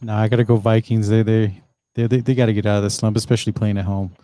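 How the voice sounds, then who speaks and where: A man's voice: on the low side, little pitch movement, fast talker, warm tone. A man on a podcast giving brief game picks in casual chat, with many fillers.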